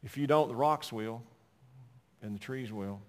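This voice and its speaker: A man preaching a sermon, swinging from loud emphatic lines to soft, quiet storytelling. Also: medium pitch, a little slow, long reverb tail, a little hiss or hum. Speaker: pastor.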